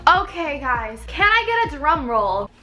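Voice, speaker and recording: A woman's voice: sits high, big pitch swings, unhurried, muffled recording, loud music behind the voice. A woman in her twenties chatting casually and rambling in a bubbly, self-mocking way, with lots of "like" as she works on a craft project. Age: 20s. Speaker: craft vlogger.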